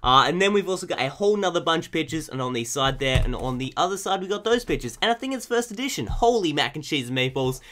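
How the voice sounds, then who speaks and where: A young Australian man casually chatting while opening trading card packs, goofy and excitable, breaking into loud shouts and giggles. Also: fairly high pitch, fast, hardly any pauses, slight background noise. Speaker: YouTuber opening trading cards. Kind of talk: excited casual unboxing chat.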